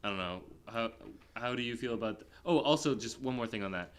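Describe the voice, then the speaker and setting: A man in casual podcast chat, reviewing a film in a loose, rambling way. He leans on fillers and restarts, then jumps up in energy when a point excites him. His pitch sits in the middle for a man. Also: a little fast. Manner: rambling, heavy filler "like", animated bursts. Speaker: podcast co-host.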